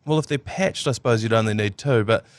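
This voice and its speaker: Joking New Zealand podcast host. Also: male voice, fairly low pitch, fast, no room sound. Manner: joking, rambling, laughs often. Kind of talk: casual sports chat.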